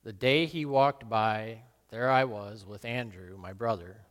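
A man playing Peter, a remorseful, brash fisherman and apostle, in a slow, brooding first-person monologue with sudden loud outbursts. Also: on the low side, close to an everyday voice. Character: remorseful middle-aged fisherman apostle, brash, guilt-torn. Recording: long hall reverb.

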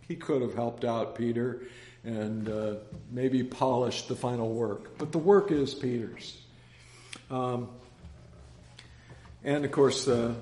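A man's voice: medium pitch, a little mellow. Man, Bible study teacher, casual and rambling, anecdotal, reverberant room. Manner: chatty, rambling, with anecdotes and restarts. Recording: roomy echo.

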